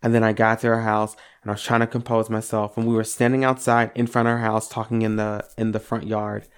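A young man co-hosting a podcast, telling personal stories in an animated, casual way with some swearing. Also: fairly low pitch, a little fast, clean tone. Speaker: podcast co-host. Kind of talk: casual chat.

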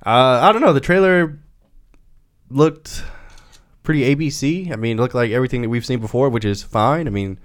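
A man's voice: medium pitch, normal speed. A man co-hosting a casual pop-culture podcast, blunt and sarcastic, swearing casually. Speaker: podcast co-host.

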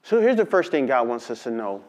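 A man preaching a sermon, reading scripture slowly and telling lively stories with call-and-response. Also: mid-range voice. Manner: animated storytelling with call-and-response to the congregation; slow, drawn-out emphasis on scripture. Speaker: pastor.

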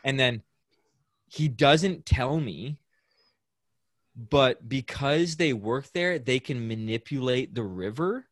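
A young man hosting a podcast, telling a story in casual chat, animated, acting out quotes and saying "like" a lot. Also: mid-range voice, takes it slowly, long pauses, no echo, studio quality. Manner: animated storyteller, acts out quotes, many "like"s and laughs. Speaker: podcast host.

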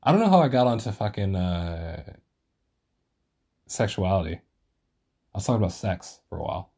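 A man's voice: deep voice, big pitch swings, moderate pace, darkish tone, husky. A man hosting a solo podcast, rambling casually and swearing a lot, with self-deprecating asides.

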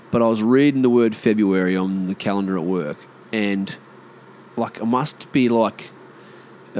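An Australian man in casual monologue, rambling and swearing, often animated. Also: on the low side, slight background noise.

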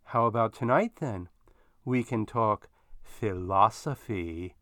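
A man's voice: a little high, expressive, measured pace, a bit bright, smooth, no room sound, studio quality, pitched above the performer's own voice. A man voicing a flirtatious middle-aged woman neighbor with a cooing, syrupy manner.

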